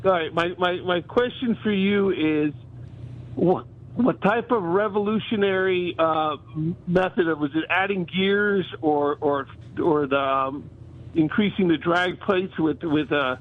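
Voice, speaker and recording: High-voiced caller man on a tinny phone. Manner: halting, full of restarts. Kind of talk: call-in question.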